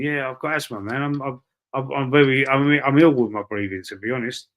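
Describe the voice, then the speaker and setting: Man, Cockney accent, livestream host, casual rambling chat, matey, mid pitch. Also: fairly quick, fairly bright tone. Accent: London Cockney. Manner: chatty, matey, rambling with repeated words. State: breathy asthma-wheezy at times. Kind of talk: casual live chat reading viewer comments.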